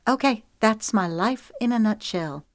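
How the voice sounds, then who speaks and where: A woman's voice: on the high side, expressive, measured pace, no echo, pitched above the performer's own voice. A woman narrator voicing a guarded young woman country singer, earnest and rueful, in a dry close recording. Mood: bantering.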